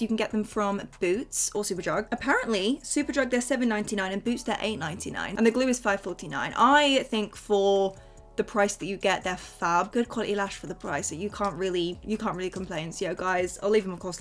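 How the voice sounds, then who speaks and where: A woman's voice: mid-range voice, animated, fairly quick. A woman talking casually through a makeup tutorial, chatty and bubbly as she speaks straight to her viewers. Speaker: beauty vlogger.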